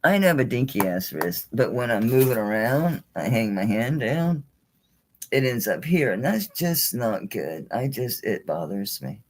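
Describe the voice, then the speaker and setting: A woman hosts a live jewelry auction stream, showing off and pricing items as she goes. Her pitch bounces up and down in a lively, animated way, and her casual talk is peppered with mild swearing. She sounds a bit worn out. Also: a little slow, slight background noise. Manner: chatty and salty, with frequent mild swearing; animated, talking while handling and showing items. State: tired and yawning late in the stream.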